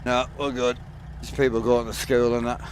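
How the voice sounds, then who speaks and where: A man with a North East England accent chatting casually to his stream viewers. He talks fast and slurs his words together in a thick, muddy voice, over an ordinary middle pitch. Truck engines and traffic noise rumble clearly behind him. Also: little pitch movement.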